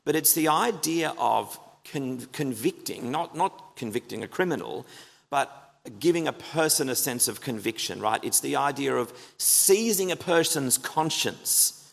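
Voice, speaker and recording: A man delivers a sermon with a strongly gravelly, fry-laden voice. He speaks earnestly and with emphasis, often putting questions to the congregation. His voice rings out with the long reverb of a church hall. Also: mid-range voice, expressive, a little slow, a bit bright. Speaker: pastor.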